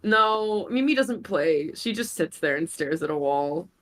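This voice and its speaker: A woman's voice: on the low side, lively intonation, a little slow. A woman playing a tabletop role-playing game, chatting casually, laughing, swearing and trailing off. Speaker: player.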